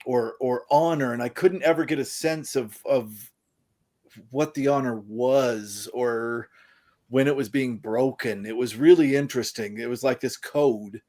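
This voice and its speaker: A man hosting a casual book discussion, thoughtful and musing, pausing to find his words. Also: mid-range voice, warm tone. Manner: thoughtful, musing, trails off between ideas. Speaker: podcast host.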